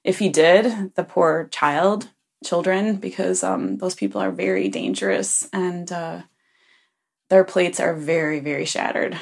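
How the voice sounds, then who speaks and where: A woman's voice: lowish voice, lively intonation, unhurried, gravelly, a little mellow, husky. A woman who is a parent leaves a rambling message for a podcast, telling a funny story with many ums and chuckles. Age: adult parent. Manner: rambling, full of ums and self-corrections. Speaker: listener leaving a message for a podcast. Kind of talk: casual anecdote.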